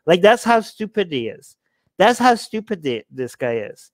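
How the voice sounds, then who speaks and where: A man's voice: high voice, sing-song, moderate pace, no echo. A man hosting a livestream, mocking and exasperated as he reacts to the live chat. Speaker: livestream host. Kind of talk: livestream commentary.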